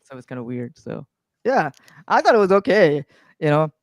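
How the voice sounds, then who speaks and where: A man's voice: fairly high pitch, very animated, normal speed, no room sound, studio quality. A man on a music review panel, speaking hesitantly and trailing off. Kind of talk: casual chat.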